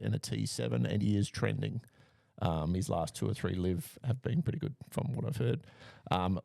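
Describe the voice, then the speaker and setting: A man co-hosting a casual podcast, running through names and betting odds in a relaxed way with frequent fillers. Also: lowish voice, gravelly, dry recording, clean studio sound. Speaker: podcast co-host giving betting picks.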